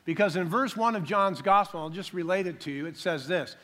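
An older man preaching a sermon as pastor, emphatic, slowing down to stress key words. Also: a little high, fairly bright tone.

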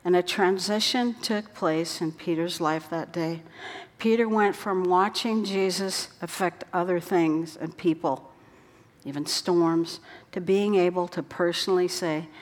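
A woman preaching a sermon in an earnest way, her voice dropping soft for quoted words. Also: fairly low pitch, steady tone, measured pace. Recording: long hall reverb.

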